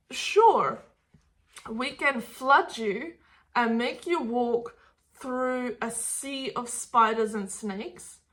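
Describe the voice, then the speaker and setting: A woman's voice: high-pitched, fairly bright tone. A woman dog trainer speaking her mind in a vlog, blunt and exasperated, swearing casually as she argues her point. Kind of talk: opinionated talking-head vlog.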